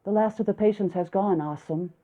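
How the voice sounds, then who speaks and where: A woman doing a coy, breathy young nurse. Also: mid-range voice, fairly quick, natural voice. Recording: narrow, phone-like lo-fi sound.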